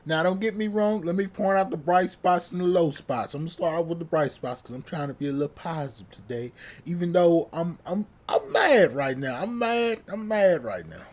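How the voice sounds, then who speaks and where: A young man with a fairly high voice rants to camera as a sports vlogger, fired up and repetitive. His talk is loose, heated and full of slang fillers. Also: very animated, normal speed. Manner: heated, repetitive, says bruh constantly. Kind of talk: casual fan rant.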